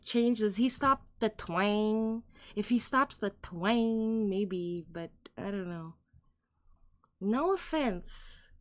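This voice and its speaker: A woman streamer talks casually into her desk mic during a late-night stream. She speaks slowly and bluntly, apologizes often, and giggles easily. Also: mid-range voice.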